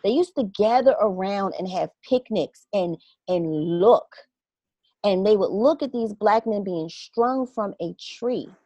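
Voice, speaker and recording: Woman, mid-pitched, earnest and animated storyteller, close dry recording. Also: measured pace, no echo, dull audio. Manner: animated, acts out her own inner reactions; earnest and reflective. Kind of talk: casual conversational storytelling.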